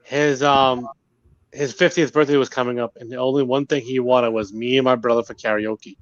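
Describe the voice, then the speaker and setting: A man's voice: mid-range voice, normal speed, dry recording, dull audio. A man chatting casually with friends, telling a story with fillers and quoted lines. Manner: relaxed storyteller, quotes people, small fillers. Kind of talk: casual chat.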